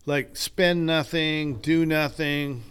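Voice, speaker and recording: A man's voice: on the high side, steady tone, slow, fairly bright tone, clear, resonant tone. An older man, a guest author, telling stories in an earnest, preacher-like way during a casual podcast conversation. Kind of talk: casual chat.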